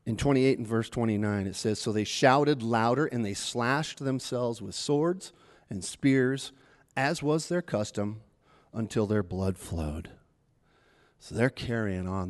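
A man preaching a sermon in a chatty, conversational way, retelling a story and acting out the taunts with a rising voice. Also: medium pitch.

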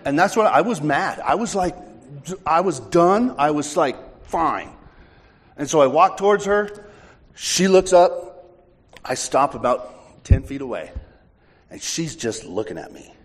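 Husky, animated preacher in a reverberant hall. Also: male voice, fairly high pitch, unhurried. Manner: impassioned, personal storytelling. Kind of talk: sermon storytelling.

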